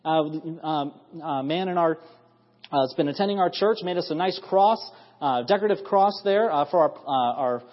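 A man's voice: a little high, moderate pace. A man in his thirties preaching an evening church sermon, earnest and rising to emphatic bursts of praise. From United States. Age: 30s. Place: church sanctuary. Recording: dull lo-fi audio in a reverberant church hall.

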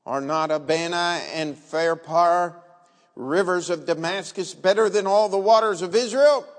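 A preacher voicing a furious proud general. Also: male voice, high voice, measured pace. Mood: indignant. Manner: loud, indignant, archaic biblical speech. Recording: long reverb in a large hall.

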